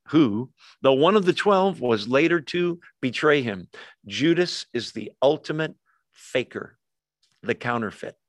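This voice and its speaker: A man's voice: mid-range voice, a bit bright, no echo, clean studio sound. A man preaching a casual verse-by-verse sermon, with wry asides and acted-out quotes. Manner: conversational, wry asides, acts out quoted voices. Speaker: pastor. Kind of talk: expository sermon.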